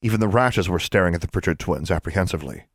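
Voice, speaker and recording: A man narrating a fantasy story aloud with expressive storytelling. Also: sits low, fast talker, dry recording, studio quality. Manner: expressive storytelling, shifts into character voices. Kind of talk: audiobook narration.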